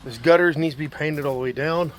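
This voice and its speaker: A man's voice: on the high side, fairly quick. Man listing house repairs, matter-of-fact. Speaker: property manager doing a walkthrough. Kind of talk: casual spoken inspection notes. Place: outdoors around a house and yard, then indoors. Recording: faint background noise.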